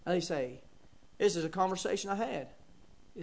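A man's voice: sits high, expressive, brisk, vocal fry, pauses often, a little mellow. A middle-aged man preaching a sermon, folksy and emphatic with chuckles and asides.

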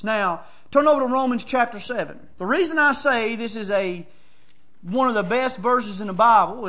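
A man preaching a sermon, telling stories in a folksy way and calling people "brother" and "man", and at times working himself up to shouts. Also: extremely high pitch. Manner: excitable storytelling, rising to shouts.

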